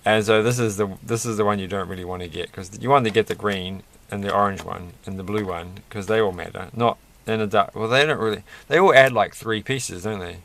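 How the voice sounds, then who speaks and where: A man's voice: fairly low pitch, brisk, hardly any pauses, fairly bright tone, slight background noise. A man rambling through a toy build with self-mocking, off-the-cuff commentary, laughing at his own jokes. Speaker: toy reviewer building a set.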